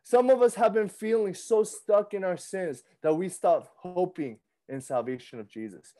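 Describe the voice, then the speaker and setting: A man in his thirties preaching a sermon in a conversational, animated way, often repeating himself and acting out his own thoughts. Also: sits high, normal speed. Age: 30s. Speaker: pastor.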